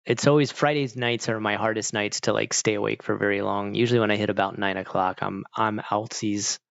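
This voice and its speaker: Gravelly laid-back man chatting. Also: on the low side, fairly even intonation, a little fast, fairly bright tone, no room sound, highs cut off. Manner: rambling, laid-back, talks to chat. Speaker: streamer chatting with viewers. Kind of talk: casual live-stream chat. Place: home, evening stream.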